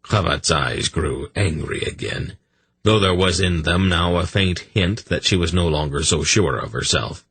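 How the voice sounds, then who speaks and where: A man narrating a fantasy audiobook in a slow, measured storytelling manner. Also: low voice, a bit bright, breathy edge, no room sound.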